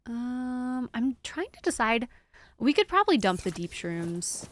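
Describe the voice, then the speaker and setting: A woman's voice: on the high side, sing-song, unhurried, slight background noise. A young woman streaming a game live, chatting casually with her viewers in a rambling, giggly way. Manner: rambling, giggly, talks to chat.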